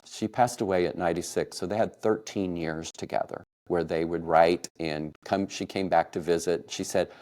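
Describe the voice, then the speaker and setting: A middle-aged man from Kansas telling a personal family story, emotional and laughing softly now and then. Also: low voice, steady tone, normal speed, hardly any pauses. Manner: warm, emotional retelling with soft laughs. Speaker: podcast storyteller.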